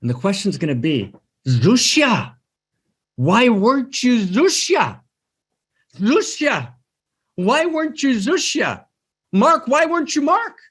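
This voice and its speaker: A man's voice: extremely high pitch, huge pitch swings, slow pace, long pauses, fairly bright tone, husky, pitched above the performer's own voice, exaggerated voice. A man quoting a dying old Hasidic master who weeps and asks himself pleading questions, told within a spiritual talk.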